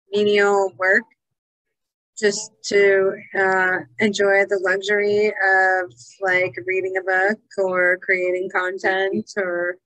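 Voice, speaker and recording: Slow, hesitant woman asking a question. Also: medium pitch, a bit bright, dry recording, poor audio. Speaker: class participant.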